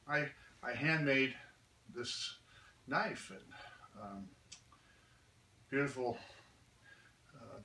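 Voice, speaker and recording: A man, a martial arts instructor and knife maker, telling a story in a chatty way with many fillers. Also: mid-range voice. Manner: chatty, animated, hesitant with fillers. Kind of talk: anecdotal storytelling. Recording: echoey room from far off with faint noise.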